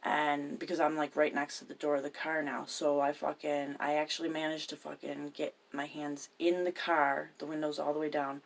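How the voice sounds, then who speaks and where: A woman's voice: sits low, little pitch movement, moderate pace, creaky, few pauses. A woman hosting a podcast, telling a personal story in a profane, emphatic way. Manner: profane, emphatic, swears constantly. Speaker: podcast host.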